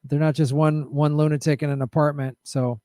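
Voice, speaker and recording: Man host, middle-aged, losing his voice, loose rambling live-stream chat, fairly high voice, dry close sound. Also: flat delivery, a little fast, warm tone, no room sound. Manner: loose, rambling and upbeat, with many fillers.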